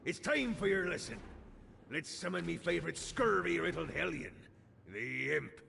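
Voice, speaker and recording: A man's voice: fairly high pitch, lively intonation, moderate pace, gravelly, slight background noise, exaggerated voice. An actor playing a boastful male pirate captain in a video game, speaking in theatrical pirate talk. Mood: instructive. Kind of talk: video game character dialogue. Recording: game audio over loud music. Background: loud game music.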